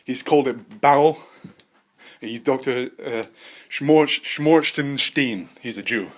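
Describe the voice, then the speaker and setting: A man's voice: mid-range voice, slow. A man hosting a podcast, improvising a comic story in a rambling, profane way. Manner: rambling, profane, many fillers and restarts. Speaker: podcast host.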